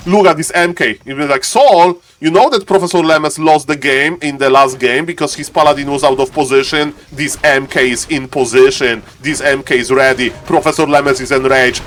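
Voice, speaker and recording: A man's voice: a little high, moderate pace, few pauses, slight background noise. Frantic male esports caster. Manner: swings from calm to frantic shouting, repeats words. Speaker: game caster. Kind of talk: excited esports commentary.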